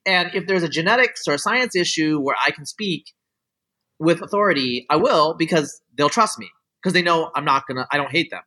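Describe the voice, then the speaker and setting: A man appears as a guest scientist in a casual interview, rambling and opinionated as he explains his views at length, leaning heavily on "like" and "you know." His voice is on the high side, brisk, pushed and bright.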